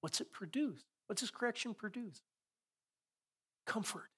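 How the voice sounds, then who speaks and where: A man's voice: high-pitched, expressive, measured pace, sharp tone, breathy edge. A man preaching a sermon as pastor in a church sanctuary, full of rhetorical questions and rising passion.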